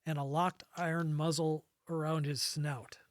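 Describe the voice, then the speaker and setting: A man acting as game master, describing scenes and rules, thinking aloud with pauses and restarts. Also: fairly high pitch, little pitch movement.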